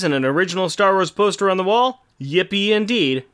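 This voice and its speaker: A man's voice: high-pitched, lively intonation, a little fast, hardly any pauses, fairly bright tone, clean tone. Sarcastic comic-recap podcast man. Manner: sarcastic, dry quips. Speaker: podcast co-host.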